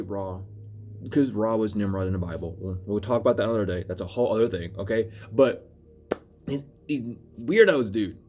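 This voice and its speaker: A man giving a casual spiritual reading to camera, rambling and cursing, swinging between loud urging and low asides. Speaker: spiritual reader.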